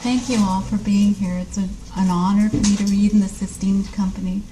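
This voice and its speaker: A woman's voice: medium pitch, level tone, brisk, noisy background. A woman author at a live reading, introducing her story with wry, slightly hesitant asides.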